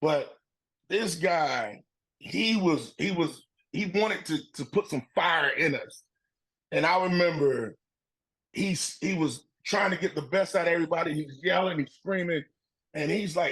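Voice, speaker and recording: A middle-aged man and former football player, telling animated stories in a casual interview, acting out his coaches' voices and laughing often. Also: high-pitched, moderate pace, husky, poor audio.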